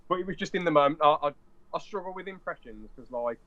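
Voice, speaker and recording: A man's voice: on the high side, lively intonation, fast talker, a bit bright, no room sound, lo-fi sound. Rambling, jokey British man. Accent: British English. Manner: jokey, rambling, apologetic asides. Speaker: podcast co-host. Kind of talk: casual chat.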